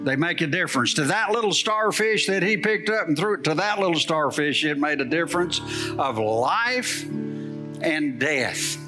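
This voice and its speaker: A man's voice: a little high, animated, a little slow, over music. A middle-aged male pastor preaching a sermon, telling a story and asking the congregation rhetorical questions.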